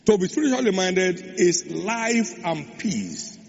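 A man's voice: high voice, animated, slow pace, creaky, breathy edge. A man preaching a sermon, stressing and repeating key phrases. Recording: echoey hall, dull lo-fi sound, faint hum.

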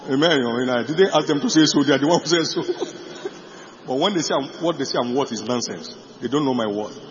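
A middle-aged male pastor preaching a sermon boldly, with bursts of shouting and laughter. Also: mid-range voice, a little fast, background noise. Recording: dull echoey hall recording.

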